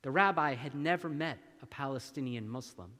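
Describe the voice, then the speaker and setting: A male minister preaching a sermon, slow and deliberate, with long dramatic pauses. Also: medium pitch, bright, forceful tone. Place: church sanctuary. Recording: long church reverb.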